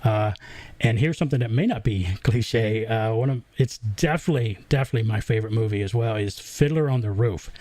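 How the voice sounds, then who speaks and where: A man's voice: lowish voice, a little fast, dark tone, dry recording. A man from the American South with a Southern accent, hosting a casual livestream Q&A and chatting through it with lots of fillers and restarts. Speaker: host.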